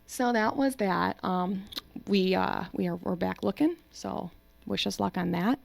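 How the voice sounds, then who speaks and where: A real estate agent in her twenties co-hosts a podcast with easy, animated storytelling. Her mid-pitched voice has a gravelly edge. The sound is dry and close. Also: no room sound. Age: 20s. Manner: animated, fast storytelling full of "like". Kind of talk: casual chat, storytelling.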